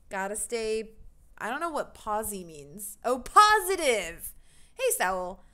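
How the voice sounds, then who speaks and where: A woman's voice: a little high, big pitch swings, takes it slowly, bright, forceful tone. A woman streaming a game, chatting casually and giggling as she greets her chat and reads along. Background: faint game music.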